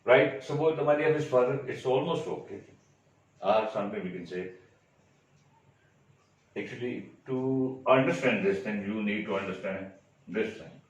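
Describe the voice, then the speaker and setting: A man's voice: lowish voice, moderate pace, long pauses, dull audio. A man teaching an English grammar lesson, explaining step by step, repeating examples and checking with "right?". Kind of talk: classroom lecture. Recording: echoey room, mic far off.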